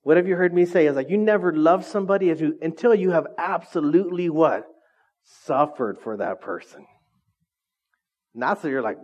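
A man's voice: on the high side, brisk, lo-fi sound. A middle-aged man preaching a casual sermon as lead pastor of a small church, conversational and self-deprecating, often checking in with the congregation.

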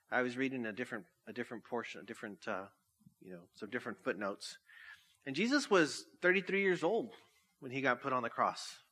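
Bright-voiced joking man preaching. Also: mid-range voice. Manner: jokey and conversational, laughing at himself. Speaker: pastor. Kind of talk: sermon.

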